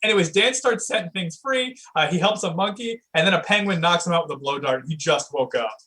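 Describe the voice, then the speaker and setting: A young man riffs in playful improv banter, retelling an absurd story with emphatic asides. His voice sits a little high for a man. He talks with an easy, joking drive. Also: brisk, pushed and bright, poor audio. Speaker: streamer.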